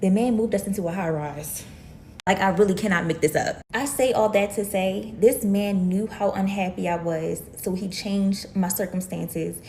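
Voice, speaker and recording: A woman's voice: mid-range voice, steady tone, normal speed, a little mellow, slight background noise. A woman content creator, telling a story to camera in a sassy, emphatic way and calling listeners "baby.".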